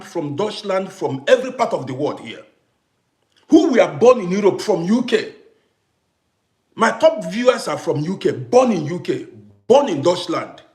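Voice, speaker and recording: A man's voice: high-pitched, darkish tone, echoey room. A middle-aged man from Africa hosting a casual live stream, talking emphatically to his viewers, repeating points and greeting them by name. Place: home in Vienna.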